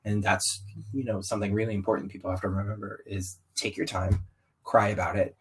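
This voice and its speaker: A young man with a faint Southern twang tells his own story as an interview guest. His voice sits a bit low with a husky edge, and he talks in a loose, animated way, slipping into other people's voices for quotes. Conversational and candid throughout. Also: fairly quick, poor audio. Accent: slight Southern US. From US, Southern-ish family. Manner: animated, frequent "like" asides, acts out quotes. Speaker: podcast guest.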